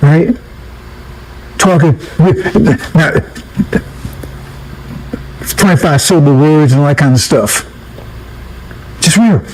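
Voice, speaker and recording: High-voiced man preaching casually. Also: slow, pauses often, a little mellow, a little hiss or hum, low-quality recording. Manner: conversational, repeats himself, asks the audience "right?". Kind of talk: casual street sermon.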